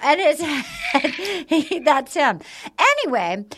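A woman's voice: sits high, big pitch swings, slow, noisy background. Chatty laughing woman podcaster. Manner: chatty, laughs often, lots of "like". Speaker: podcast co-host. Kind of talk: casual chat recapping a reality show.

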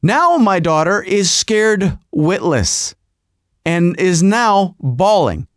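A man's voice: high-pitched, takes it slowly, no echo, studio quality. A middle-aged man hosting a podcast, telling a rambling comic story and putting on voices. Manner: rambling, animated, puts on voices. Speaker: podcast host.

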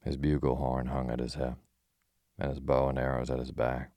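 Very deep, flat male audiobook narrator. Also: dry recording, clean studio sound. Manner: measured, steady storytelling.

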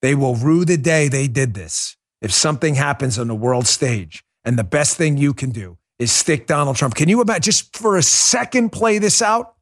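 Man, talk show host, emphatic lecturing commentary, fairly high voice. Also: animated, normal speed, few pauses. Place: Florida.

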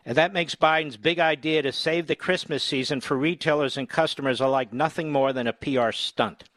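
A middle-aged man hosting a talk radio show, reading articles aloud with sarcastic commentary and squeaky mocking impressions. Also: fairly quick, a bit bright, no room sound. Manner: mocks people with high, squeaky put-on voices.

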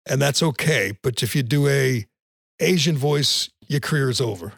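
A man's voice: mid-range voice, moderate pace, vocal fry, fairly bright tone, no echo, studio quality. A man hosting a podcast, ranting bluntly about sports with frequent restarts. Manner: blunt, ranting, repeats words when starting sentences. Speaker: podcast host. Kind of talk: opinionated sports talk.

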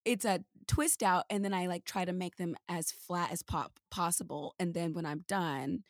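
A woman chatting casually, animated and laughing often, acting out quotes as she talks. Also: on the low side, moderate pace, dry recording, clean studio sound. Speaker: Broadway performer. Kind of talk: casual chat.

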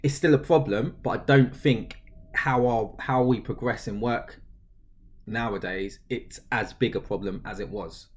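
A man's voice: on the low side, unhurried. A young man, co-hosting a podcast in casual chat, rambling and hesitant and laughing often. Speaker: podcast co-host.

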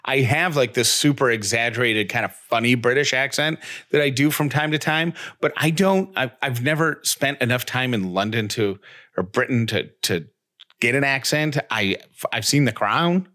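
A man's voice: medium pitch, normal speed, bright, forceful tone. A man co-hosting a podcast, telling a story in casual chat, rambling and poking fun at himself, with many restarts. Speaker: podcast co-host.

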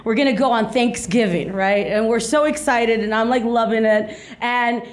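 A woman's voice: a little high, moderate pace. A woman in her thirties from South Texas, telling a stand-up story with chatty, laughing energy. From South Texas, USA. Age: 30s. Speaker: stand-up comedian. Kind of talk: stand-up comedy set. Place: comedy stage before a live audience. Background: audience laughter.

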